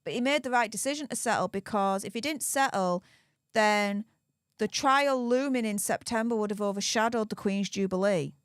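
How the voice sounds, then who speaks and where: A woman's voice: medium pitch, normal speed, clean tone, dry recording, clean studio sound. Tired, chatty woman streamer. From United Kingdom. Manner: chatty, with sarcastic asides. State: tired after hours of streaming. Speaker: streamer reading a book live. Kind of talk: casual live-stream commentary.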